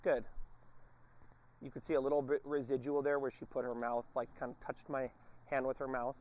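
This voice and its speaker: A man's voice: mid-range voice, level tone, a little fast, darkish tone, highs cut off. A man working as a dog trainer, explaining his methods to viewers while giving a dog short, firm commands during a training session outdoors. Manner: addresses viewers directly as folks.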